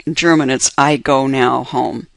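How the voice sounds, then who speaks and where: A man's voice: medium pitch, fairly even intonation, a little slow, gravelly, a bit bright, no room sound. A man teaching an introductory German class over slides, patiently explaining each point step by step and repeating the examples.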